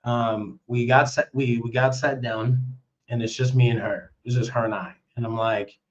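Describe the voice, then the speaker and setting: A man's voice: medium pitch, fairly even intonation, moderate pace, lo-fi sound, slight background noise. A man telling a story on a live stream in casual, rambling talk, cursing and restarting his sentences often. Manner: rambling, profane, with many restarts.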